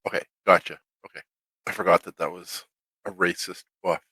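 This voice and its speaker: A man's voice: sits low, steady tone, brisk, bright, forceful tone, breathy edge, no room sound, poor audio. A man playing a tabletop game, talking hesitantly and second-guessing his choices. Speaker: player.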